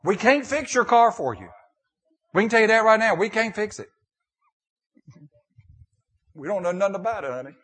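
An older male pastor preaching with a folksy, storytelling manner. His voice sits high for a man and leaps up and down with lively swings. He repeats and restarts phrases as he talks. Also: normal speed, long pauses, slightly rough. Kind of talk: sermon with storytelling.

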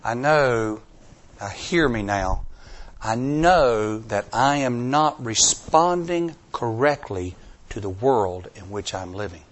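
A man preaching to his congregation at a middle pitch. His delivery swings from quiet, slow stretches to loud, raised cries, and he repeats key phrases for emphasis in a plain, folksy way. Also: expressive. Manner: dramatic swings from hushed to near-shouting. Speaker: pastor. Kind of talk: sermon.

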